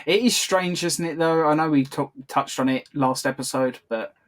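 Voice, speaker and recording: A man's voice: fairly high pitch, normal speed. A man co-hosting a casual episode commentary podcast, chatty and rambling, laughing often as he talks. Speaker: podcast co-host.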